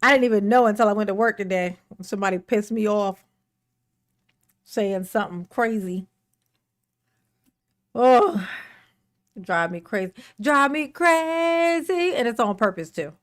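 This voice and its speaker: A woman's voice: medium pitch, moderate pace, long pauses. A woman hosting a casual livestream. She greets viewers by name, laughs often and rants animatedly. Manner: animated ranting. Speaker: livestream host.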